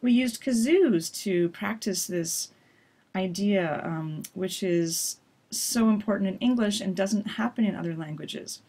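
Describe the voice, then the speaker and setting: A woman teacher reviewing a pronunciation lesson in a clear, explanatory way. She models vowels by stretching them out and keeps an even, mid-range voice as she walks through the rules. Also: medium pitch, measured pace. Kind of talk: recorded course review lesson.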